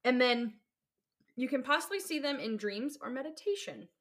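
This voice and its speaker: A woman's voice: sits high, expressive, moderate pace, fairly bright tone. A young woman co-hosting a casual podcast, rambling and giggly with lots of fillers. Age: young adult. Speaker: podcast co-host. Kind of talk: casual chat.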